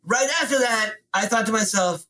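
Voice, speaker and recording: A man telling a dramatic story as a podcast guest, animated and punchy, with some swearing. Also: high-pitched, moderate pace.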